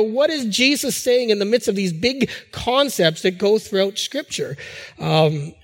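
High-voiced preacher in a reverberant hall. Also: male voice. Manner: conversational preaching with fillers and restarts. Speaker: pastor. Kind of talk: sermon.

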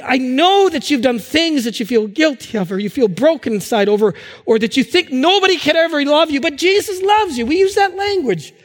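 High-voiced pastor preaching in a hall. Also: male voice. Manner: conversational, repeats words, restarts phrases. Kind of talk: sermon.

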